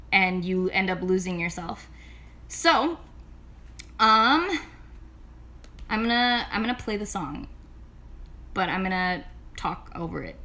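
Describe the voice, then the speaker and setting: A young woman with a bright, ringing tone talks straight to camera in a casual confessional vlog. Her delivery is candid and chatty, studded with "like," and sits at an ordinary middle pitch. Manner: candid and chatty, lots of "like" fillers. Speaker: singer-songwriter.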